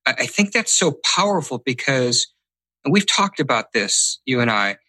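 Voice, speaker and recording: A man's voice: mid-range voice, very animated, normal speed, bright, forceful tone, breathy edge, no echo, poor audio. A man hosting a podcast interview, enthusiastic, with stumbles and restarts. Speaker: podcast host. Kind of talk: casual interview talk.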